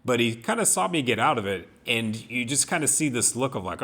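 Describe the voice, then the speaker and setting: Bright-voiced man talking earnestly. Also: mid-range voice, lively intonation, brisk, few pauses. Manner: earnest, reflective storytelling with many restarts. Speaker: podcast co-host. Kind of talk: casual discussion of song lyrics.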